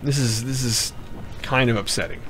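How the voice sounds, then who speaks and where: A man telling a long joke in a slow, drawn-out storytelling way, with music behind. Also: medium pitch, gravelly, fairly bright tone, a little hiss or hum.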